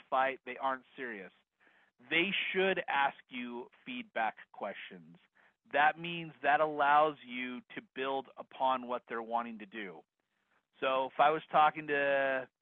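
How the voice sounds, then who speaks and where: A man teaching a live online real estate course, energetic and upbeat, talking straight to the attendees. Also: mid-range voice, dry recording. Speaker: real estate investing instructor. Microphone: video call. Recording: dry phone-like video call audio.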